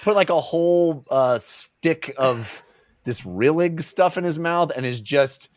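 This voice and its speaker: Animated man chatting about a book. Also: a little high, takes it slowly, no room sound, clean studio sound. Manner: animated, acts out characters' lines in goofy voices. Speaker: podcast co-host. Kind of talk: casual book discussion.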